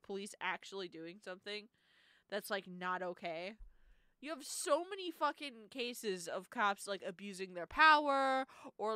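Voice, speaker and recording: A woman's voice: a little high, bright, forceful tone, clear, resonant tone, no room sound. A young woman streamer casually reacting to bodycam footage, blunt and profane, laughing often. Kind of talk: casual live-stream commentary.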